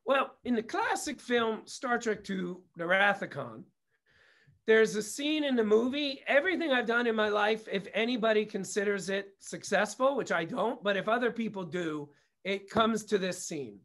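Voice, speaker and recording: A man's voice: high-pitched, expressive, moderate pace, fairly bright tone. A middle-aged man, a guest on an interview show, telling family stories in a casual, candid way, swearing freely and wandering into asides. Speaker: guest, comedy producer and director.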